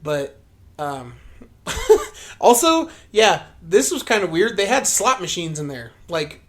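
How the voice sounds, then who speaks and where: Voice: medium pitch, big pitch swings, slow pace. A podcast co-host telling a story in casual chat, rambling and profane with lots of fillers, acting out their own past remarks in a livelier voice.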